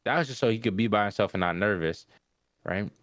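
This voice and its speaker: In studio-quality audio without echo, a young man with a lowish voice talks quickly as he casually recaps an anime episode for his podcast. Acting out the characters with "yo" and repeatedly asking "right?", he keeps the retelling animated.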